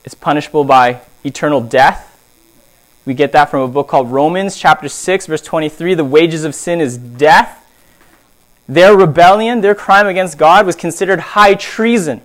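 A man preaching a sermon, telling stories in an animated way and swinging between loud emphasis and hushed asides. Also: fairly high pitch, moderate pace.

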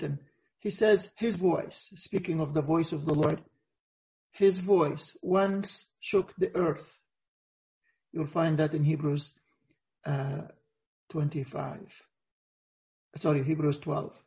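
Male preacher, high-pitched, earnest and halting, dull lo-fi video-call sound. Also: steady tone, gravelly, warm tone. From Egypt. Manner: earnest, reflective, halting with frequent pauses. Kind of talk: sermon over a video call.

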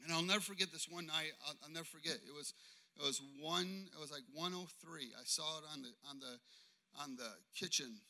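A man's voice: a little high, fairly quick, creaky, pushed and bright. A man in his thirties, a pastor, telling a personal story in a sermon in a casual, conversational way, often asking "okay?". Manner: conversational, frequent "okay?" and "you know what I mean?".

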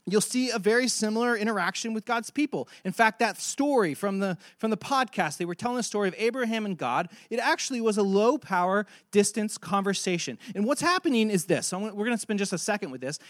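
A man preaching a sermon, telling a Bible story and acting out its dialogue with animated delivery. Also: high voice, fairly quick, few pauses, dry recording, clean studio sound. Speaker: pastor.

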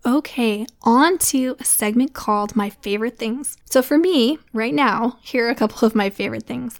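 Upbeat mom podcast host, slightly high voice. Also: female voice. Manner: warm, encouraging, chatty with laughs. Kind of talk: casual solo podcast talk.

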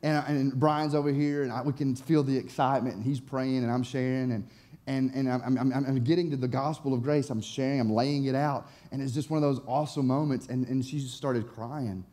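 A young man, a youth pastor, preaching and telling a story with excited, animated delivery and frequent restarts. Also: mid-range voice, brisk. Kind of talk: sermon storytelling.

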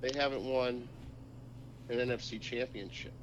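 A man in his forties from Minnesota, a podcast guest telling sports stories in a casual, animated way. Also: normal speed, lo-fi sound, slight background noise. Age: 40s. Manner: animated storyteller, pitch jumps when excited. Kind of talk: casual chat.

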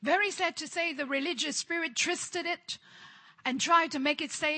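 A woman's voice: high voice, moderate pace, bright, forceful tone. A woman preaching a charismatic sermon, fervent and repetitive, calling on her listeners to respond.

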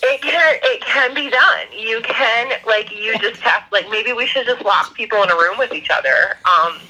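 A woman's voice: on the high side, normal speed, sharp tone, slightly rough, poor audio. A woman from New Jersey, a podcast host, talking in a brash, blunt, casual way. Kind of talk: casual chat.

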